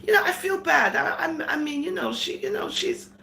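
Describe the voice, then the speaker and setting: Giggly woman with a gravelly, lively voice. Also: extremely high pitch, normal speed, slight background noise. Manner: giggly, laughs between sentences; slips into Caribbean-style phrasing. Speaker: vlogger. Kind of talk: casual commentary vlog. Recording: echoey room.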